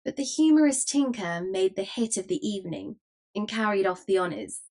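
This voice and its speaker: A woman narrates a classic novel in a measured, scripted storytelling voice. Her pitch sits comfortably in the middle range. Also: animated, darkish tone. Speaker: audiobook narrator.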